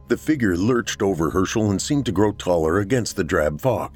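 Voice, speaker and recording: A man with a low voice reads a horror tale in a measured, dramatic way. Faint music plays beneath his narration. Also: animated, a little mellow. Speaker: podcast narrator.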